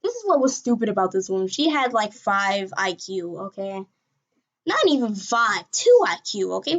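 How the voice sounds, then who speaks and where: A woman telling a story from her school days in a casual, rambling way, with sudden excited jumps in pitch and loudness. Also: normal speed, highs cut off.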